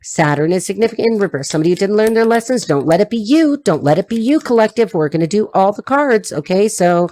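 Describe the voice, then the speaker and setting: A woman's voice: medium pitch, animated, quick pace, hardly any pauses, warm tone. A woman giving an intuitive tarot reading to her audience, free-associating and repeating herself in a blunt, emphatic way. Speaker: tarot reader.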